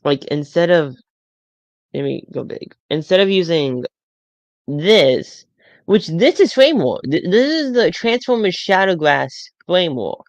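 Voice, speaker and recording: A man rambles through a casual live stream about toys, tripping over his words and repeating himself. His voice has a gravelly fry to it. The sound is dry and close, with no room echo. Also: on the high side, very animated, measured pace, lo-fi sound. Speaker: toy collector streamer.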